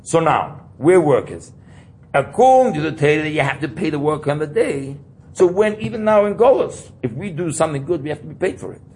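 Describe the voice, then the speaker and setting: A man's voice: fairly high pitch, animated, a little fast, a little mellow, husky. A man teaching an informal Torah class, explaining ideas while he thinks aloud and repeats key terms.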